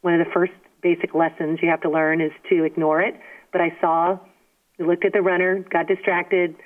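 A woman's voice: on the low side, normal speed. Emphatic woman on a tinny phone line. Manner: animated, emphatic, frequent "you know what I mean". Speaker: guest, former softball player. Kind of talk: storytelling interview.

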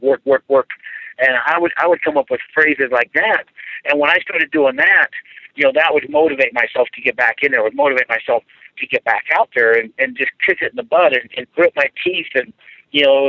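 A middle-aged former Olympic wrestler, speaking in a mid-range voice with no echo, is interviewed over a dry, tinny phone line. His casual talk is earnest, full of fillers and repetitions.

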